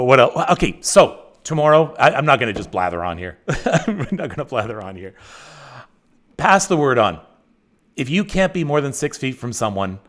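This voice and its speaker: A middle-aged man, hosting a casual livestream chat with viewers, rambling and self-mocking. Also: medium pitch. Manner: animated, rambling, self-mocking, with frequent restarts. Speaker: host.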